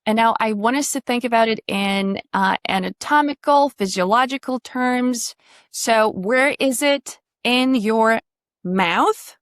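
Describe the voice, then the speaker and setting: A woman's voice: on the high side, a little slow, no echo, clean studio sound. A woman coaching pronunciation in a casual online lesson, chatty and quizzing her student, swearing now and then.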